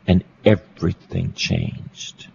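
A man's voice: low voice, huge pitch swings, slow pace, vocal fry, warm tone, dull audio, slight background noise. A Catholic priest, a man, preaching a storytelling sermon, repeating phrases for emphasis and asking his listeners questions.

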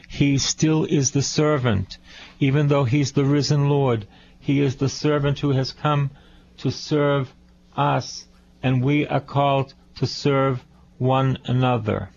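A male priest preaching a radio sermon, unhurried, repeating phrases for emphasis. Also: medium pitch, a little mellow, dull audio.

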